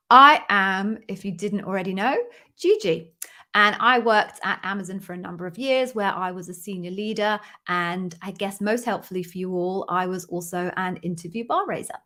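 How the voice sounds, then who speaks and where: A woman's voice: medium pitch, bright, forceful tone. Woman host, playful and chatty, welcomes viewers by name on a live stream, mid-range voice, computer mic at home. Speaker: host of live Q&A stream, former interview bar raiser. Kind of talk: casual live-stream chat. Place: room at home. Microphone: computer microphone.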